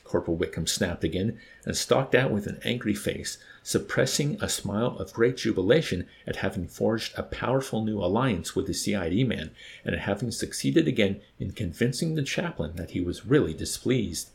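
A low-voiced man reads a novel aloud as an expressive narrator. His voice has a gravelly grain and a lively rise and fall. Between chapters he chats about the book in the same voice. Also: normal speed. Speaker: reader and co-host. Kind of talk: audiobook reading and book discussion.

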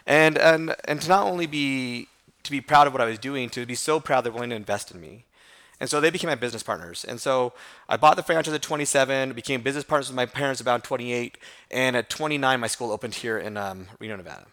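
A man in his thirties recounts how he built his business, talking quickly and with animation. He pokes fun at his younger self and laughs as he goes. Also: mid-range voice. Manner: fast, animated storytelling with self-deprecating laughs. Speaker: hair school franchise owner. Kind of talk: interview storytelling.

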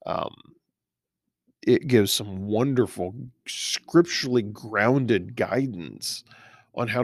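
A man's voice: on the low side, dry recording, clean studio sound. A man, a pastor, teaching a verse-by-verse Bible study in a conversational way, reading scripture aloud and stopping to comment on it. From Texas.

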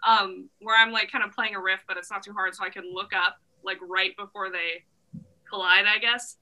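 A young woman guitarist in a band, a podcast guest, relaxed and quick to laugh. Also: medium pitch, low-quality recording. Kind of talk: casual interview chat.

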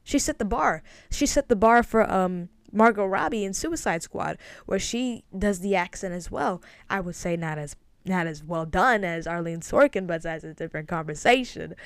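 A woman's voice: on the low side, expressive, normal speed, hardly any pauses, smooth, dry recording. Woman rambling on her podcast, lots of um and restarts, super into it, dead dry sound. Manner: rambling, frequent restarts and fillers; earnest fan enthusiasm. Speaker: podcast host. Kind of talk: casual solo podcast talk.

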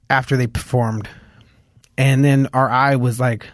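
A man's voice: medium pitch, fairly even intonation, normal speed, dry recording. Rambling man telling stories, dry studio sound. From Los Angeles. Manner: rambling storytelling with many fillers. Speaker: musician guest. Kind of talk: casual interview chat.

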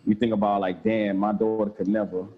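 A man in his thirties chatting casually with a friend about fatherhood, in relaxed slang with frequent swearing. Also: fairly low pitch, a little fast, highs cut off, soft background music. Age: 30s. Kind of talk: casual chat.

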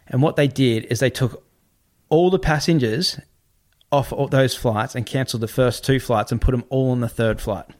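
A man, a podcast guest telling a story in a casual, animated way, often swearing and repeating himself. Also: mid-range voice, moderate pace. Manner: animated, repetitive, swears freely.

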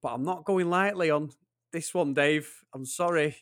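A man's voice: on the high side, normal speed, fairly bright tone, dry recording, studio quality. A man co-hosting a casual movie podcast, joking and swearing with a laugh. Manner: jokey, swearing, laughs often. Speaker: podcast co-host. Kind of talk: casual chat.

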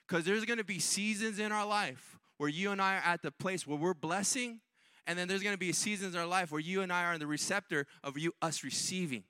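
A man's voice: high-pitched, a little fast, sharp tone, no room sound, clean studio sound. A man preaching a sermon in a church, in a repetitive call-and-response way that rises to impassioned peaks. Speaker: pastor.

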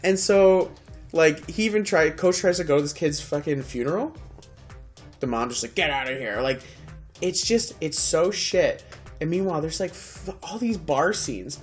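A young man co-hosting a casual podcast chat, animated and profane as he retells scenes. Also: a little high, normal speed, soft background music. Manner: animated, swearing, acts out scenes. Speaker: podcast co-host.

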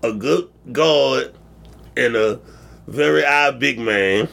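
A man's voice: medium pitch, slow pace, gravelly, a bit bright. A man co-hosting a casual sports podcast, teasing his co-host and laughing along.

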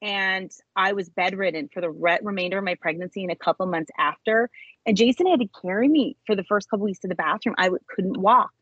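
A woman telling an emotional personal testimony as an interview guest, animated, her voice jumping high when she acts out moments. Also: brisk, husky, no echo, dull audio. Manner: animated storyteller, voice jumps high when reenacting.

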